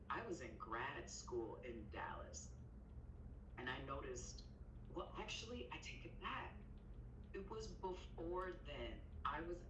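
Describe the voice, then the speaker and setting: A woman guest telling her personal story frankly over a video call. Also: a bass voice. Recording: echoey room, faint hum.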